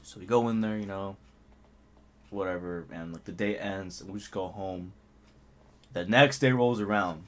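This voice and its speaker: A man's voice: low-pitched, normal speed, long pauses. A young man casually telling a school anecdote, laughing often and packing in fillers. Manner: loose, laughing, filler-heavy storytelling. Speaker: channel host.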